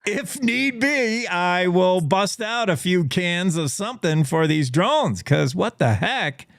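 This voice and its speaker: Playful, higher-voiced morning radio host. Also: male voice, animated, slow pace, vocal fry, a bit bright, no room sound, studio quality. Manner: playful, spins speculative stories. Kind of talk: talk radio monologue.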